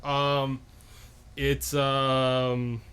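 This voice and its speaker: A young man co-hosting a podcast in casual chat, halting, with stuttered restarts and fillers. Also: medium pitch, completely flat delivery, a bit bright, a little hiss or hum. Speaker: podcast co-host.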